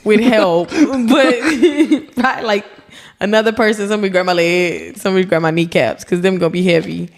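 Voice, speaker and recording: A woman's voice: fairly low pitch, quick pace. Brash, profane young woman from Texas. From Texas, USA. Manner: brash, profane, animated storytelling with laughter. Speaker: podcast guest. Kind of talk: casual chat.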